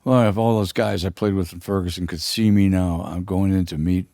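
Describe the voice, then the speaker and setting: An older man with a husky voice, telling a rambling, halting story full of fillers as a podcast guest. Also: low-pitched, steady tone, dark tone, no echo, studio quality. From United States. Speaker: guest musician. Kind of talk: casual storytelling.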